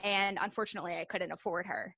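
Bright, candid young woman chatting. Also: lowish voice, fairly even intonation, fast talker, vocal fry, dry recording. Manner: chatty and candid, lots of ums and likes. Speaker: guest, fitness coach. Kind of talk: casual podcast interview.

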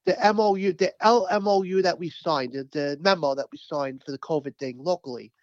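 A man speaking as a union representative, telling stories in an animated, emphatic, profane way during a casual interview. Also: on the high side, brisk, no echo, dull audio.

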